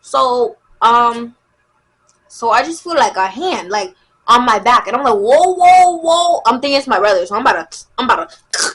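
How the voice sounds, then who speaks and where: A young woman, telling a casual storytime vlog in a chatty, animated way. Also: on the high side, normal speed, long pauses. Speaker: vlogger.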